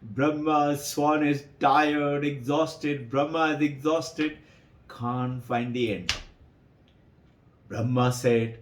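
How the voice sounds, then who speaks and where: A man telling a sacred story to devotees as a spiritual teacher, animated and acting out the characters. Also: mid-range voice, takes it slowly, echoey room, a little hiss or hum.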